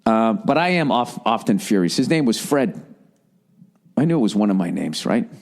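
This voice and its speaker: A man's voice: on the low side, very animated, moderate pace. A man hosting a podcast, ranting in a casual, profane and rambling way, mocking himself and mimicking other people. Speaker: podcast host. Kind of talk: casual rant.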